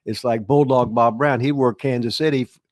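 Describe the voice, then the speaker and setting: A man's voice: mid-range voice, fairly even intonation, brisk, a little mellow, dry recording. An older man, a veteran wrestler hosting a live question show, telling old stories in a rambling, casual way full of restarts and fillers. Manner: rambling, frequent uh and restarts, laughs at his own stories. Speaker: host, veteran wrestler and former booker.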